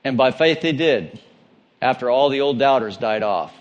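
A man's voice: medium pitch, lively intonation, moderate pace, lo-fi sound. A male pastor with a Southern twang, reading scripture and preaching an emphatic sermon that asks questions of the congregation.

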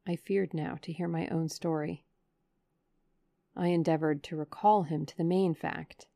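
A woman narrating a classic novel in a measured, expressive reading into a studio microphone. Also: low voice, vocal fry, no echo. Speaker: audiobook narrator. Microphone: USB studio microphone.

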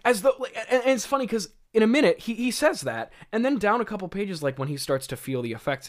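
A man's voice: high-pitched, expressive, moderate pace. A man hosting a podcast, giving casual, rambling commentary on a script with amused asides and frequent stammers. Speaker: podcast host reviewing a script.

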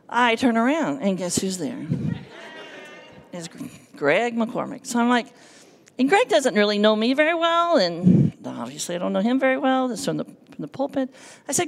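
Woman, church intercessor, raspy-edged and a touch high, earnest testimony from the pulpit. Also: moderate pace. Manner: earnest, emotional storytelling with lively quoted dialogue. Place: church sanctuary.

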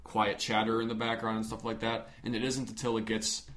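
A man's voice: on the low side, completely flat delivery, brisk, a bit bright. A young man co-hosting a podcast, chatting casually and rambling with frequent restarts. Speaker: podcast co-host. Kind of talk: casual chat.

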